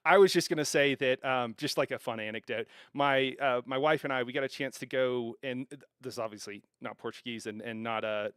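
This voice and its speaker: A man's voice: medium pitch, fairly quick, hardly any pauses, fairly bright tone, clear, resonant tone, dry recording, studio quality. Chatty man hosting a live stream. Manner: chatty, laughs often, restarts phrases. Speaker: stream host. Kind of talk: casual live-stream chat.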